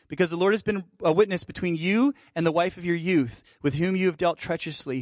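A male pastor preaching a sermon, shifting between fervent emphasis and soft, intimate asides. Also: sits high, no echo, studio quality. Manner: preaching with rising fervor, then dropping to soft intimate tones.

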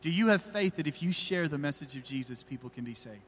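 A pastor preaches with fervor, his voice sitting a little high for a man. He drives each point home with repeated rhetorical questions, and the sound carries a long reverb through a large church hall. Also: expressive, fast talker, slight background noise. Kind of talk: sermon.

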